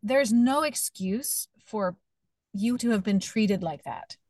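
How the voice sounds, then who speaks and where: A woman's voice: mid-range voice, slow pace, darkish tone, no echo. A woman hosting a podcast, talking emphatically and sympathetically, giving advice straight to listeners. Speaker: podcast host. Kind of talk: casual interview chat.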